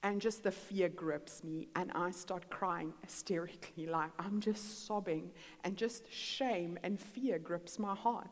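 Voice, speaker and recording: A woman's voice: lowish voice, a little slow, few pauses. A middle-aged woman, preaching and telling a personal story in a church. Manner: animated storytelling, acting out dialogue. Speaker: guest speaker. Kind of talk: sermon with personal testimony. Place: church hall. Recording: long hall reverb.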